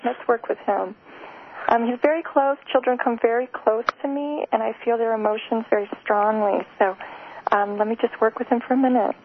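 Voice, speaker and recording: A woman's voice: fairly high pitch, fairly even intonation, moderate pace. Hesitant woman radio psychic, tinny sound. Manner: hesitant, many fillers, soft and emotional. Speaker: radio show host and psychic reader. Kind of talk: live call-in psychic reading. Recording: tinny phone-like radio sound, faint noise.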